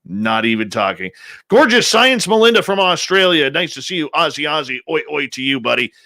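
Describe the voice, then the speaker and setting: A man hosts a live radio show from his home studio, reading out listener names with playful, stretched-out announcer flair. His voice sits a touch high and sounds bright and forceful, recorded close and dry. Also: no room sound. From Canada. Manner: upbeat, playful, drawn-out announcer emphasis. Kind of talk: live show roll call and greetings. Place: home studio in British Columbia.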